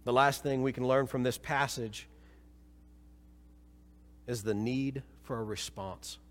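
A man's voice: steady tone, takes it slowly. Man preaching in a reverberant church. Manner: preaching, building to emphatic peaks then dropping low. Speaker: pastor. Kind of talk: sermon. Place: church sanctuary. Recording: long reverb of a church hall.

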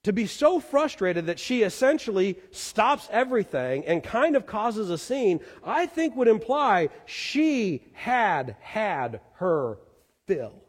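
A male pastor delivering a Sunday sermon with a high-pitched voice. He is earnest and builds to loud emphasis before dropping to quiet appeals. The sound carries a long reverb from the church sanctuary. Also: sing-song, slow pace. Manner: earnest, swells loud then drops quiet.

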